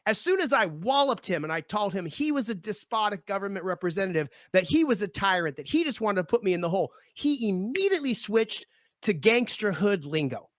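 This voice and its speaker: A man, the guest of an interview, telling a personal story in a lively way and acting out the people in it. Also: sits high, fairly quick, dry recording, clean studio sound. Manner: lively, acts out voices in his stories. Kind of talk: animated storytelling.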